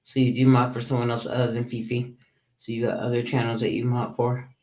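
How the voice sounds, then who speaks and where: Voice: mid-range voice, completely flat delivery, brisk, mellow, lo-fi sound. A livestream host ranting with lots of profanity, calling out rivals and talking to the chat. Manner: profane, heated, talks to chat. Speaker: livestream commentator. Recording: roomy echo.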